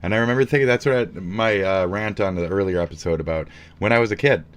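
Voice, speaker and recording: Deep-voiced man ranting profanely. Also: fast. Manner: profane, rambling, heated. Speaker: streamer. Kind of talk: ranting live stream commentary.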